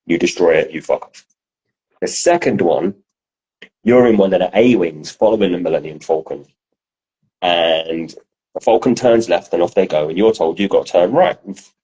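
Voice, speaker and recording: A man co-hosting a podcast, telling stories in a casual, animated way and swearing freely. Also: sits low, a little fast, breathy edge, dull audio. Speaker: podcast co-host. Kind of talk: casual chat.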